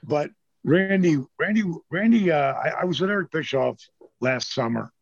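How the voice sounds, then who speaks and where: A middle-aged man, a former pro wrestler, telling stories as an interview guest in a lively, casual way and swearing freely. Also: on the high side, normal speed, gravelly, breathy edge, no echo. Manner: animated storyteller who acts out quotes, swears freely. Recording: dull lo-fi dry sound.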